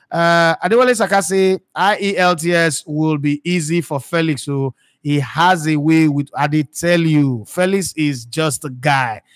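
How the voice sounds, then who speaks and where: A man's voice: on the high side, dry recording, studio quality. Chatty Nigerian man hosting a sports show. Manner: lively, emphatic, repeats words when stumbling. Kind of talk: casual sports talk.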